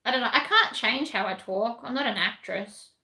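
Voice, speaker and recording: A woman's voice: a little high, normal speed, bright, forceful tone. Chatty Australian woman in an echoey room. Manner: chatty, blunt, reads and answers viewer comments. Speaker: sewing livestream host. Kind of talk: casual chat while sewing.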